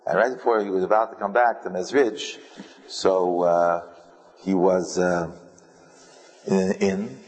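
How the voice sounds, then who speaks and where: A man giving a rambling, halting, humorous sermon with stories, as a rabbi. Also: low-pitched, steady tone, a little mellow, breathy edge. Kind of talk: sermon with storytelling. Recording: long hall reverb.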